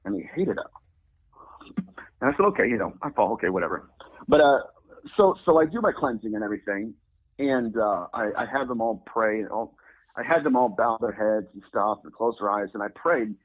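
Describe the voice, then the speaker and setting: A man telling a story in a lively, sing-song way, his pitch leaping whenever he acts out the people in it. His voice is husky. The sound is thin and phone-like. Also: a little fast. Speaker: guest demonologist. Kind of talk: animated storytelling. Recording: phone-like lo-fi audio.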